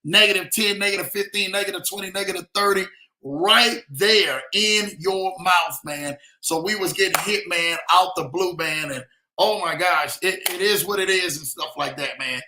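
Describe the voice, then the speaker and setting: A man hosting a casual livestream, hyping viewers with shout-outs and repeated "man" between phrases. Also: high voice, fairly quick, reverberant, a little hiss or hum. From lives in Denver. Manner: hype, repetitive "man" and "in the building". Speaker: livestream host.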